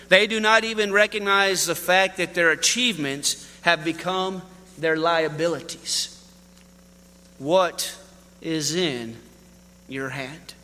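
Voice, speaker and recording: A man's voice: sits high, sharp tone, in a large hall. A man preaching a sermon, telling folksy stories and addressing the congregation directly. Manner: folksy storytelling with Southern address.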